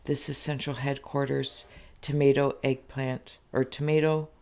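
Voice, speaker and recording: A spirit reader hosting an inkblot reading, with a gravelly, fry-edged voice at an ordinary middle pitch. The talk wanders in loose, repeated phrases and turns emotional, often sinking into soft half-whispers. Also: flat delivery, measured pace. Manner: loose, repetitive phrasing with many fillers. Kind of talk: channeled spirit reading, spoken freely.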